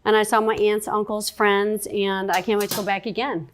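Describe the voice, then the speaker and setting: A woman's voice: medium pitch, little pitch movement, normal speed, a little hiss or hum. A woman appearing as a cooking guest, enthusiastic and eager to explain, sometimes dropping in German words. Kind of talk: casual cooking chat.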